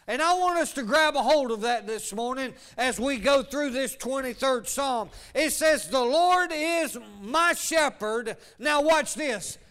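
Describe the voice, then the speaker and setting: Man preaching a sermon, very high voice, clear and resonant, rhetorical questions, stretched-out words. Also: measured pace, hardly any pauses, a bit bright. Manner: emphatic, asks the congregation rhetorical questions, stretches key words.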